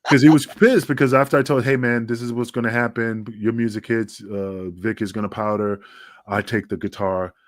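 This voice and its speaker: A middle-aged man and former pro wrestler, guesting on a podcast and telling rambling, profane stories, loudly acting out the voices of the people he quotes. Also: on the low side, fairly even intonation, moderate pace, no echo. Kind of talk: casual storytelling on a podcast.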